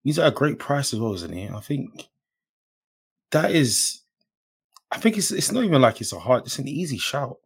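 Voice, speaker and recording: A man's voice: medium pitch, big pitch swings, moderate pace, creaky, long pauses, slightly rough. A man co-hosting a football podcast, laid-back and slangy in his banter. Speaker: podcast co-host. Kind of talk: casual football chat.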